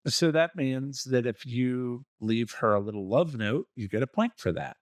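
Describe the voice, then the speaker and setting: Recorded with clean studio sound and no echo, a man co-hosts a relationship coaching podcast at medium pitch and normal speed. He gives blunt, profane advice casually and acts out little scenes with quoted dialogue.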